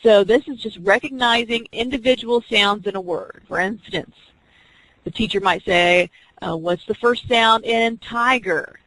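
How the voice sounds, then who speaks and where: A woman's voice: mid-range voice, measured pace, a bit bright, dry recording, poor audio. A woman teaching an online class, explaining reading skills step by step and acting out teacher and student examples. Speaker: teacher educator.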